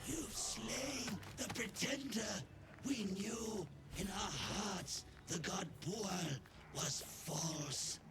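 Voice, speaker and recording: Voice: mid-range voice, drawn-out words, over loud music. A reverent fish-folk priest. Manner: solemn, reverent proclamations. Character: fish-folk priest creature hailing a new god. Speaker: game character.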